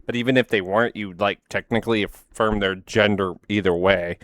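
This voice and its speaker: A man's voice: fairly low pitch, fairly even intonation, brisk, a bit bright, no echo, studio quality. A man hosting a reaction video, talking casually in a rambling, sarcastic way with lots of "like".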